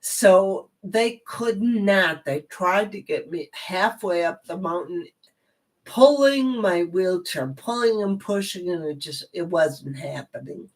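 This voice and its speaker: A woman host telling a personal story in a chatty, rambling way, with many asides and animated moments. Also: fairly low pitch, takes it slowly.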